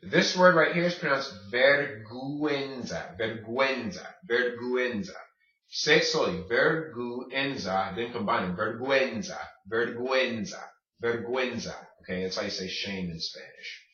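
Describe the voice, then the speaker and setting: A man teaching a recorded Spanish pronunciation lesson, saying words slowly and repeating them. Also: medium pitch, bright, forceful tone. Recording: echoey room, distant dull mic.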